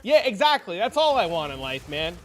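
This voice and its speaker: High-voiced man chatting on stream. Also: a little fast. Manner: loose and profane, with animated storytelling. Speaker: game streamer; father of young kids. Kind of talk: casual livestream chat.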